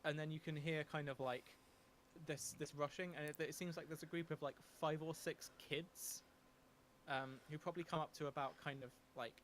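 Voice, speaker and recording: A man's voice: a little high, steady tone, moderate pace, fairly bright tone. Guy running a tabletop rpg, lots of ums and restarts, bit of faint hum behind. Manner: hesitant, many ums and restarts. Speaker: game master. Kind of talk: narrating a tabletop game.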